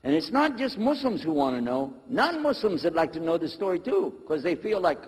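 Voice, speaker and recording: A man's voice: on the high side, big pitch swings, brisk, hardly any pauses, breathy edge, big-room sound. A man giving a lecture to a live audience, joking and talking in a folksy, conversational way. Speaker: Islamic lecturer.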